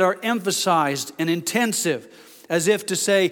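An older man preaching a sermon as a pastor, rising to loud emphatic peaks, then dropping into quiet, homely storytelling. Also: high voice, lively intonation, measured pace. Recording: long hall reverb.

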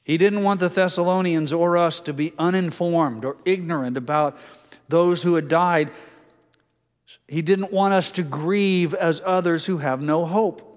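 Speaking at a measured pace, a pastor delivers a sermon in a somewhat high voice, keeping his language plain and illustrating with ordinary stories. Occasionally he lowers to a soft, quiet stress, while the big church space leaves a long echo behind him.

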